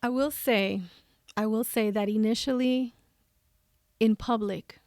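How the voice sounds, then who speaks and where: Her voice a little high and her pace measured, a woman appears as a podcast guest, recorded without echo. Animated and candid, she laughs a lot while storytelling and acts out quoted words from herself and others.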